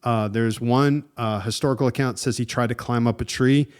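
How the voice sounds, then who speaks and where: A man's voice: medium pitch, normal speed, smooth. Laid-back man telling a story. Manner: animated and conversational, with frequent "dude" and "man", laughs at himself. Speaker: podcast host. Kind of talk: casual storytelling.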